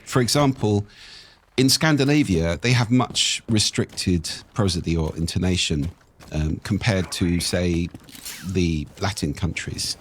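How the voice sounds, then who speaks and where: An older man with a husky voice, explaining speaking technique in a lively, expressive conversational way. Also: low-pitched, unhurried, a little hiss or hum. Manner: animated, expressive intonation. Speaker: voice coach guest.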